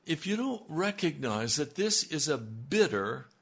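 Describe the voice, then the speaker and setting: A man's voice: fairly high pitch, very animated, a little slow, gravelly, breathy edge. A male preacher delivering a sermon with an impassioned, emphatic manner.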